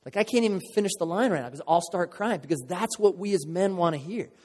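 A man delivers a sermon to his congregation in an earnest, conversational way, mixing emotion with playful asides. His voice sits slightly high. Long reverb from a large hall trails behind his words. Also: lively intonation, quick pace, a little mellow. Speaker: pastor.

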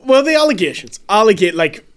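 A young man guesting on a podcast, trading dry, sweary banter in casual chat, his lines trailing off quieter. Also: sits high, sing-song, brisk, clean tone.

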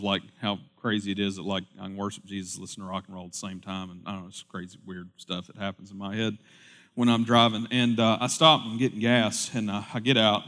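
Man pastor, sermon, loud preaching eases into relaxed anecdotes; reverberant hall. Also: lowish voice. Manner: swings from loud preaching to quiet storytelling.

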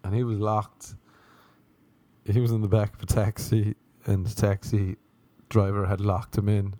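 A man's voice: lowish voice, little pitch movement, a little slow, mellow, dry recording. A young man telling a casual anecdote, rambling and swearing, often breaking into laughter. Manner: laughing, profane, rambling storyteller.

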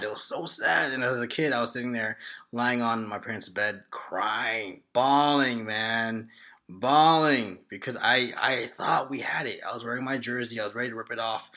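A man's voice: mid-range voice, normal speed, sharp tone. A man co-hosting a casual sports podcast, teasing and mock-dramatic. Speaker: podcast co-host.

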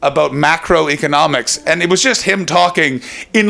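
A man's voice: a little high, moderate pace, creaky, bright, forceful tone. Young man telling a sweary comic story. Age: young adult. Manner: swears often, laughs at own stories, shifts into quoted voices.

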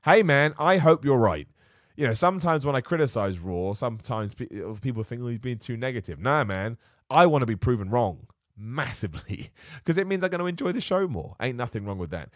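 A man hosts a live wrestling podcast in a chatty, rambling way, reading viewer comments aloud as he goes. He talks quickly and keeps up a steady stream of chat. The sound is dry and close, with no room echo. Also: mid-range voice.

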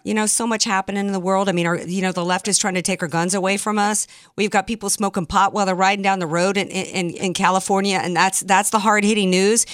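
A woman's voice: medium pitch, fast talker, few pauses, no room sound, clean studio sound. Emphatic woman talk radio host. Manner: animated, emphatic, sarcastic asides. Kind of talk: talk radio monologue and call-in chat. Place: radio studio.

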